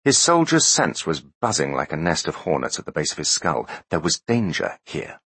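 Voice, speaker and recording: Male audiobook narrator, very low, husky, animated, bright tone, dry close recording. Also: moderate pace, no room sound. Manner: expressive storytelling. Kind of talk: scripted narration.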